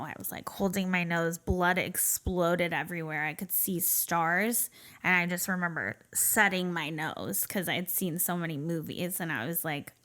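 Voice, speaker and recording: This woman's voice is fairly low yet a bit bright. Hailing from the Portland area in Oregon, USA, she guests on a podcast and recounts her life candidly in a conversational style, peppered with fillers like "um" and "you know" and brief nervous laughter.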